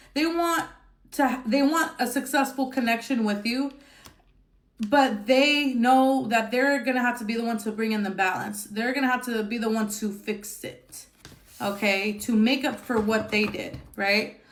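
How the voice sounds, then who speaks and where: A woman's voice: a little high, roomy sound. Blunt, chatty woman tarot reader. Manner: chatty and blunt, swears freely, frequent "okay?" and "um". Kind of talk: casual tarot reading.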